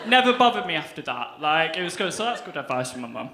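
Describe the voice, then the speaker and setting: A man's voice: a little high, very animated, fast, sharp tone. A young man from England with a Northern English accent, doing a chatty, self-mocking stand-up set on a club stage. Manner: chatty, self-mocking, breaks into laughter, acts out quotes. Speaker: stand-up comedian. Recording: roomy club sound with faint hiss.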